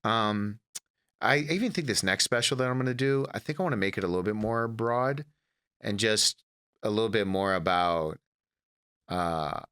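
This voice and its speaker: A low-voiced man in his thirties with a bright, forceful edge. He is a comedian from Detroit telling animated stories from his family life in a casual interview. He acts out the people in his stories. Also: moderate pace, smooth. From United States, Detroit. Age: 30s. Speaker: comedian and actor, podcast guest.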